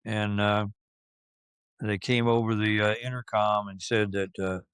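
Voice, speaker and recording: Unhurried older man in his seventies, smooth voice. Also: lowish voice, flat delivery, fairly bright tone, no room sound. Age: 70s. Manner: halting, with many fillers and restarts. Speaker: interviewee recalling his youth. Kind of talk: casual reminiscing.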